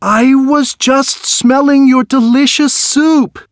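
A man's voice: steady tone, slow pace, no echo, clean studio sound, heavily acted. An adult man voicing a timid, polite young traveller who stammers shyly. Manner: higher, stammering, shy.

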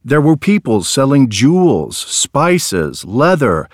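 Slow, expressive male storyteller. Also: mid-range voice, no room sound, studio quality. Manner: slow, lively, expressive reading. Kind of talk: scripted storybook narration.

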